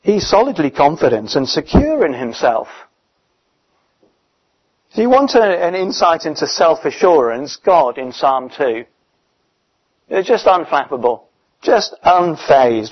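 A man preaching a sermon in a conversational, emphatic way, often pausing with fillers. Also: fairly high pitch, expressive, slightly rough. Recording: dull, muffled recording.

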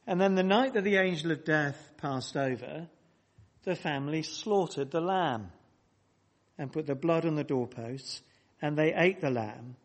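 Man, preacher, sermon in church, slightly high voice, emphatic, repeats phrases, addresses congregation. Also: unhurried. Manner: speaks directly to the congregation.

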